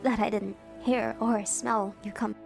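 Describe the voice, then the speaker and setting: A woman doing a breathy ASMR companion in a whispered role-play. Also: mid-range voice, steady tone, measured pace, faint music behind. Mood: intimate. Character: intimate ASMR girl companion.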